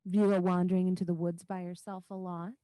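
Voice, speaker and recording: Woman playing a soft, coaxing mystery woman. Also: lowish voice, flat delivery, fast talker, no echo, clean studio sound, natural voice. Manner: soft, gentle, persuasive.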